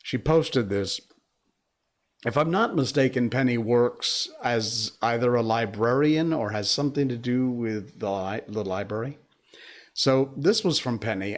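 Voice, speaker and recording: A man from Connecticut hosting a casual livestream, chatty and enthusiastic and quick to laugh. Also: mid-range voice. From Cornwall, Connecticut, USA. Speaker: livestream host.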